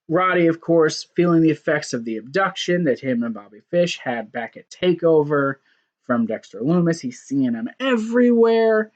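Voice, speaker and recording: A man casually recapping a wrestling show, animated, acting out quotes and laughing along. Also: on the high side, normal speed, highs cut off.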